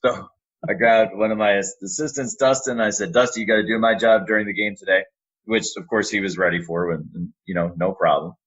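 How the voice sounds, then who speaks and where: A man in his thirties, a sports announcer and voice actor, telling animated stories in a casual podcast interview. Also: fairly low pitch, fairly quick, muffled recording. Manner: animated storyteller, acts out quotes.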